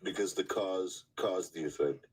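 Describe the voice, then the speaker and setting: A man's voice: low-pitched, measured pace, a little mellow, breathy edge. A man calling in to a live podcast, answering in short, clipped replies. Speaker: caller.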